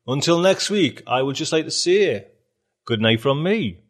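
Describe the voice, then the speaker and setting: A man's voice: fairly high pitch, lively intonation, a little slow. A podcast host closing the show in a chatty, enthusiastic way, laughing as he talks. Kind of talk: casual show outro.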